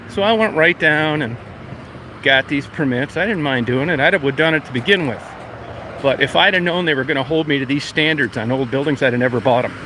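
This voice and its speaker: Man with a higher-set voice, heated and swearing, recounting a dispute; noisy street recording. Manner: profane, heated, acts out quoted exchanges. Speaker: property owner telling a story. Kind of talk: casual storytelling.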